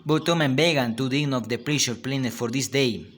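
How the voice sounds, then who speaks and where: A student who is a native Spanish speaker reads a story aloud with a Spanish accent, halting and restarting often. His voice is medium-pitched and a bit bright, with a little hiss or hum in the recording.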